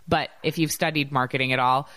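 Woman podcast host, thirties, low-pitched and chatty with an upbeat lift, recorded close and dry. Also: steady tone, a little fast, fairly bright tone, no echo. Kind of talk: casual podcast chat.

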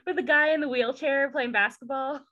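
A woman co-hosting a podcast, recapping a TV episode in casual chat with sarcastic jokes and quick asides. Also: high-pitched, sharp tone, muffled recording. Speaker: podcast co-host.

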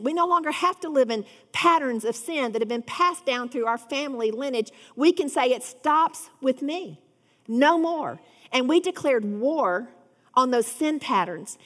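A woman's voice: fairly high pitch, in a large hall. A woman giving an earnest devotional Bible teaching, rising to fervent emphasis.

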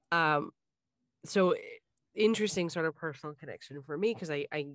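A woman's voice: low voice, normal speed, long pauses, fairly bright tone, dry recording. A woman from the Richmond area talking casually as a podcast co-host, rambling with lots of fillers and restarts. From Richmond area, Virginia. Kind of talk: casual chat.

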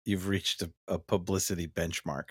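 A man's voice: low-pitched, fairly even intonation, moderate pace, fairly bright tone, husky, dry recording, studio quality. A man chatting casually as a podcast co-host, candid and profane, often restarting his sentences. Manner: candid, profane, mimics lines while he talks. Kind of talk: casual chat.

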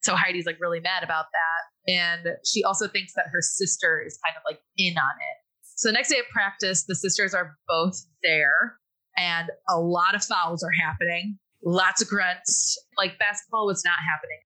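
A woman with a bright, clear-toned voice recaps a movie for her co-hosts in relaxed conversation. She is chatty, laughs easily and slips into quick impressions of the characters. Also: lowish voice, low-quality recording. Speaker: podcast host recapping a movie. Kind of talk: casual chat.

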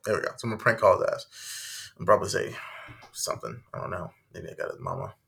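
Give me a crude, joking man hosting a casual podcast, fairly low. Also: sing-song, quick pace, creaky, fairly bright tone. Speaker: podcast host. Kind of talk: casual chat.

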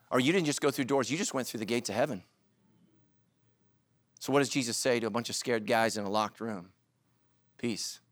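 A middle-aged man with a mid-range voice preaches a sermon as a pastor, recorded dry. He tells animated stories with jokes and performs the quotes.

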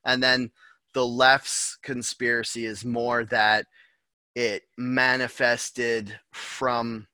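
A man's voice: mid-range voice, sharp tone, no echo. A man co-hosting a podcast, chatting in a loose, rambling and joking way. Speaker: podcast co-host. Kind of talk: casual chat.

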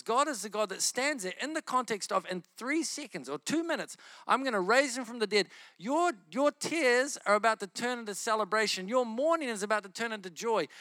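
A man's voice: high-pitched, bright, forceful tone, no room sound. A man preaching a sermon with fervent, emphatic repetition that builds in intensity.

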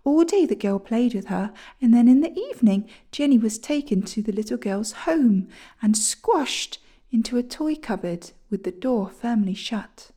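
A woman reading a children's storybook aloud, gentle and often near a whisper. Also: on the high side, expressive, moderate pace.

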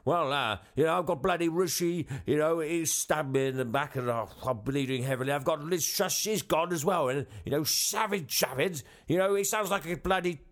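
A man's voice: a little high, moderate pace, few pauses, fairly bright tone. A man impersonating a blustering, rambling prime minister in a comedy sketch, full of stammers and fillers. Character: blustering disgraced male prime minister, middle-aged. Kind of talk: comedy sketch phone call.

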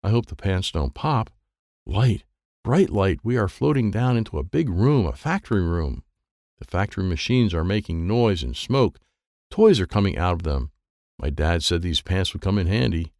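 A man narrating a children's audiobook in a lively first-person voice, adding sound effects as he reads. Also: deep voice, normal speed, no echo, studio quality.

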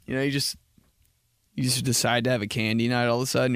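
A young man hosting a podcast, rambling through a comic story and dropping into slow, low voices when he quotes people. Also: little pitch movement, creaky, a bit bright, clean tone, no room sound, studio quality. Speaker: podcast host. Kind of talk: casual comedic monologue.

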